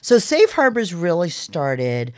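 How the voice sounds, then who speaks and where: A woman from New York City, a playwright and actor, telling lively anecdotes in a podcast interview and laughing often. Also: on the low side, slow pace.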